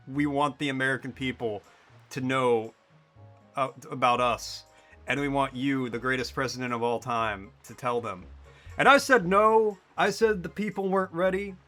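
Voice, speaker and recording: A man's voice: mid-range voice, a bit bright, soft background music, close to an everyday voice. A man doing a comic impression of a boastful, blustering male politician. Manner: boastful, drawn-out bragging.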